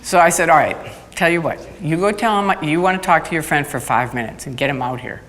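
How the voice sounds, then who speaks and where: A woman speaker on stage telling funny stories from her activism in a lively, anecdotal way, laughing as she goes. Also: sits low, brisk. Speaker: conference speaker. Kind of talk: storytelling talk on stage. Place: conference hall. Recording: hall reverb with audience.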